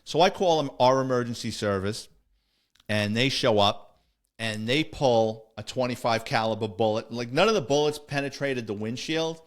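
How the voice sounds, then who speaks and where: A man's voice: mid-range voice, moderate pace. A man, a podcast host and former police officer, telling a war story in a blunt, streetwise, matter-of-fact way. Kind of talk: casual storytelling.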